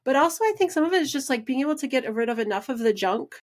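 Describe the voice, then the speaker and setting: Woman host, fairly high voice, animated storyteller, casual chat, says like a lot. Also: very fast. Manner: animated storyteller, acts out quoted dialogue. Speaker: podcast host.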